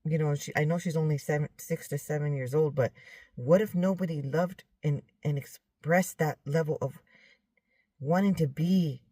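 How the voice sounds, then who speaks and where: A woman's voice: sits low, normal speed, mellow, no echo. A woman teaching from scripture and retelling a dream in a rambling way, often checking in with "okay?" and correcting herself. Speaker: Bible teacher.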